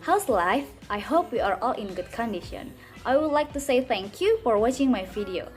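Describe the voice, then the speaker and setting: A woman's voice: fairly high pitch, lively intonation, moderate pace, soft background music. A young woman student presenting a class project, reading a prepared explanation in a careful, textbook-style way. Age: young adult.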